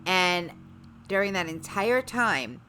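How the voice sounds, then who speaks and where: A woman's voice: fairly low pitch, animated, slow, pushed and bright, a little hiss or hum. A woman hosting a livestream, chatting casually in a rambling way with sarcastic asides. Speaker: livestream host.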